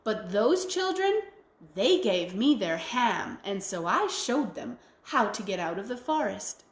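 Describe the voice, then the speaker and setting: A woman's voice: medium pitch, sing-song, measured pace, reverberant. A woman voicing a clever house cat with a sweet, coy voice. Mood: calm firm. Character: sly loyal house cat, calm and clever.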